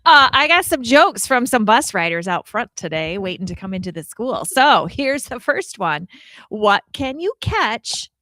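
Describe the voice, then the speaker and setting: Woman teacher, school announcements, playful, jokey, animated pitch, dry sound. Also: a little slow, no echo, low-quality recording. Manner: playful, animated, tells jokes to children.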